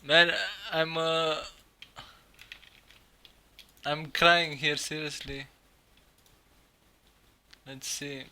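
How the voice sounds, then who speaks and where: A young man live-streaming, reacting in excitement, swearing a lot and laughing often. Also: fairly high pitch, extremely slow, long pauses, clean tone.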